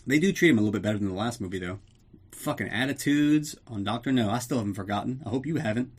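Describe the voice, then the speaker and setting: A man's voice: on the low side, husky. A man hosting a podcast, recapping a movie in a loose, profane, joking way. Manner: profane, jokey, does quick voices for characters. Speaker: podcast host. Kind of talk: casual comedic movie recap.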